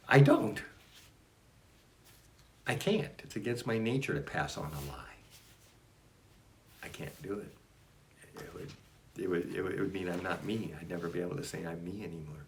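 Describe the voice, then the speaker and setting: A man's voice: low voice, brisk, vocal fry, a bit bright. A man reading aloud from his own spiritual writings and musing on each line in a rambling, self-interrupting way. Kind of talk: casual spoken reading and reflection.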